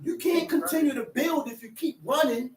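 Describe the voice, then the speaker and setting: A man teaching a Bible class as a preacher, animated and often shouting, with laughs between points. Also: extremely high pitch, normal speed, crowd noise. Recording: roomy sound from a distant mic.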